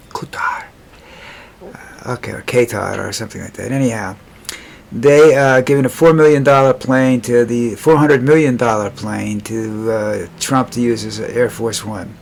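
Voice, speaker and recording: A man's voice: medium pitch, gravelly, slight background noise. Rambling, sarcastic man vlogging opinions. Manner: sarcastic and scornful, halting with many restarts. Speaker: political commentary vlogger. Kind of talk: casual rambling political commentary.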